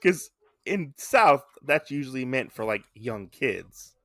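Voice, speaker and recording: A man's voice: medium pitch, unhurried, bright, forceful tone, dry recording, studio quality. A man co-hosting a casual podcast, chatting in a rambling way with many fillers. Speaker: podcast co-host. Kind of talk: casual chat.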